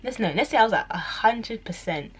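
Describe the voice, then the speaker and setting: A woman's voice: animated, a little fast, breathy edge. A young woman telling a story to camera in a chatty, rambling way, full of fillers and self-corrections. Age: young adult. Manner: acts out quoted voices with sudden high squeals. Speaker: vlogger.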